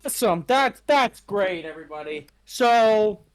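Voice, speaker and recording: A man with a fairly high, lively voice plays a tabletop game. He is brash and swears freely, pushing the group to act. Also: a little slow. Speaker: player. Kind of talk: in-character tabletop game play.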